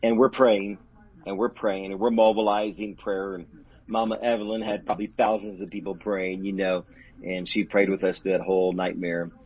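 A man's voice: fairly low pitch, breathy edge. A middle-aged man, a pastor, telling a personal story in an interview in an earnest, emotional, open way. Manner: earnest and emotional, speaks openly about hurt. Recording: dull lo-fi audio.

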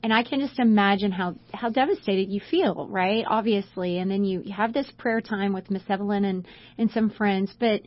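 A woman's voice: medium pitch, normal speed, few pauses, dull audio. Woman co-host asking questions. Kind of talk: interviewing guest.

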